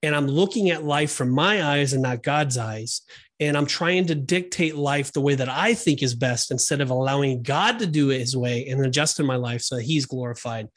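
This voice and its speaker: A man's voice: mid-range voice, moderate pace, fairly bright tone. A middle-aged man co-hosting a Christian podcast, telling personal stories in an earnest, conversational way with frequent restarts. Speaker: podcast co-host. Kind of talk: Christian discipleship podcast chat.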